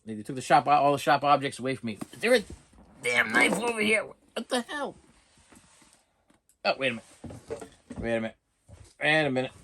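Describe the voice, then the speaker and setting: A man's voice: medium pitch, expressive, moderate pace, long pauses, background noise. A middle-aged man ranting in a comedic vlog, exasperated and stumbling over restarts. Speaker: vlogger. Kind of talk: comedic rant and unboxing vlog.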